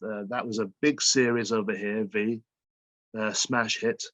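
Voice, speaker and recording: On the low side and a bit bright, his voice moves at a measured pace with fairly even intonation in a dry recording. He's a guest author from England with a northern Salford-Bolton accent, storytelling in an interview and imitating dialect phrases.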